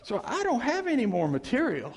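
A man with a high voice whose pitch swings widely tells a story from the pulpit. His delivery is animated and folksy, with plenty of repeated "I mean"s. The sound carries a long hall reverb, as in a big church. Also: fairly quick, vocal fry. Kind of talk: sermon storytelling.

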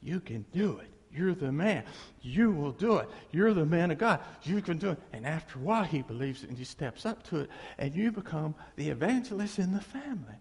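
A man preaching a sermon in a folksy, animated way, acting out noises. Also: on the high side, a little fast, husky, big-room sound. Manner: folksy, animated, imitates motor sounds. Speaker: pastor.

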